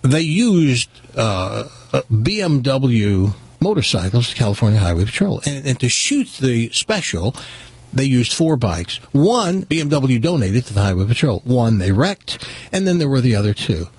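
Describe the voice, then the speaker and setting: A man's voice: mid-range voice, big pitch swings, normal speed, darkish tone, husky, no room sound. A middle-aged man telling funny stories in casual talk, acting out the dialogue of the people in them. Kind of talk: casual storytelling.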